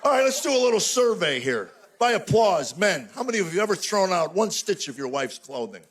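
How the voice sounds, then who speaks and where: High-voiced comedian in his sixties. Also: sing-song, a little fast, background noise. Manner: exasperated storytelling, punchy with mock outrage. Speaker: stand-up comedian. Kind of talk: stand-up comedy routine. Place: live comedy stage.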